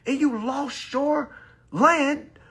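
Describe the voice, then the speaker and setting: A man, ranting loudly and preachily about banks, lawyers and people's rights, swearing as he goes. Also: very high-pitched, extremely slow. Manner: loud, animated, preachy, swearing, mocking voices. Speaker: consumer advice live streamer. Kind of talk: heated ranting talk.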